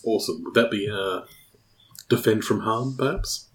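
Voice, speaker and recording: A man's voice: on the low side, moderate pace. A man playing an online tabletop game, eager and upbeat. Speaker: player. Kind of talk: casual tabletop game chat.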